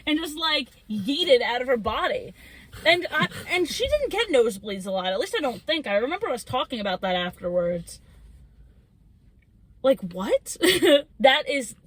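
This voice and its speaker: A woman's voice: high-pitched, moderate pace. Giggly young woman telling a spooky story. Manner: animated, giggly, acts out quotes. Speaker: podcast co-host. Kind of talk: casual storytelling chat.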